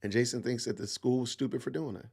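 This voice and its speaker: A man's voice: medium pitch, fairly even intonation, quick pace, creaky, darkish tone, slightly rough. A middle-aged man hosting a podcast, giving opinionated commentary with emphatic rhetorical questions and lots of repetition. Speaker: podcast host.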